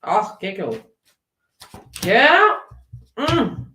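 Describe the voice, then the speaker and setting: A woman giving a live tarot reading in an animated, chatty way. She laughs often and talks directly to viewers in the chat. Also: medium pitch, extremely slow, far from the mic, slight background noise. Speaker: tarot reader. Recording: echoey room, away from the mic.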